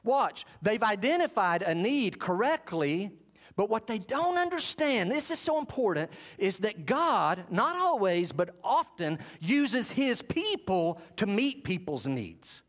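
A man preaching a sermon, switching between emphatic preaching and low, contemplative asides. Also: very animated, measured pace, fairly bright tone. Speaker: pastor.

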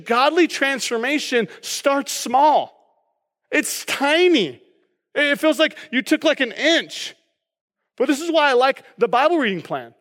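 Brief: high-pitched male pastor, chatty humorous sermon delivery, big reverberant church hall. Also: fairly bright tone. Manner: casual, joking preaching with frequent "okay?" asides.

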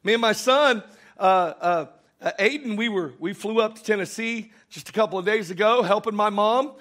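Middle-aged male preacher, bright ringing tone, lively storytelling sermon delivery. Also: sits high, normal speed. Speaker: pastor.

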